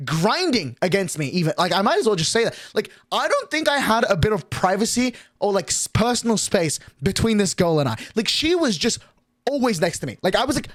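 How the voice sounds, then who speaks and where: A male streamer rambles through a story, packing every sentence with fillers and swear words. His pitch jumps around lively. The sound is dry and close. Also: fairly quick, dry recording.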